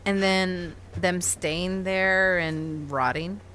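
A woman's voice: fairly low pitch, fairly even intonation, very slow, a bit bright, a little hiss or hum. A woman in her thirties in a casual chat, blunt and laughing often, swearing freely.

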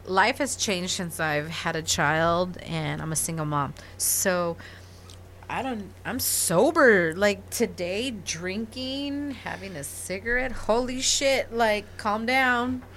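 Woman, 30s, casual chat, blunt, swears a lot, laughs often, slow, faint background hum. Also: fairly low pitch, a bit bright.

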